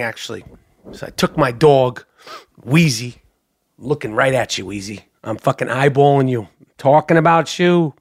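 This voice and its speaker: A man hosting a solo comedic podcast, ranting in a profane, animated, mock-outraged way. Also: fairly high pitch, no echo, studio quality. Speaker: podcast host.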